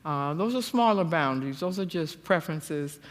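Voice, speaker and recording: A woman giving a church seminar talk, telling stories animatedly and jumping to a high voice when she acts out quotes. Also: expressive, moderate pace, big-room sound. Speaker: guest speaker. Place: church hall.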